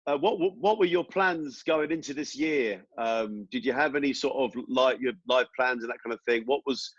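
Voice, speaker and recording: A man's voice: mid-range voice, normal speed, slightly rough, dry recording. Man, interview host, chatty, dry dull call audio. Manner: chatty, laughs along. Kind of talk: casual interview over video call. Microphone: video call.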